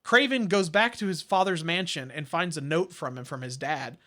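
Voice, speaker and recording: Rambling bright-voiced male co-host. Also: a little high, normal speed. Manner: rambling retelling with fillers. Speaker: podcast co-host. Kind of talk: casual chat.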